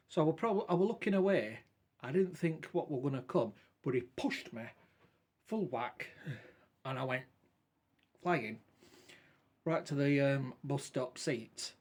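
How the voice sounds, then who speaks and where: Bloke rambling on, lots of "i says", mid pitched plain voice. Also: male voice, a little mellow. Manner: rambling, colloquial, repeats quoted dialogue with "I says". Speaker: vlogger. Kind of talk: casual storytelling monologue.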